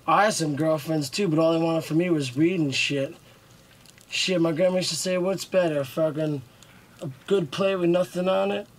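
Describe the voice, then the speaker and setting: A man's voice: fairly high pitch, moderate pace, slight background noise, close to an everyday voice. An actor playing a crude, foul-mouthed young male slacker who rambles brashly in film dialogue.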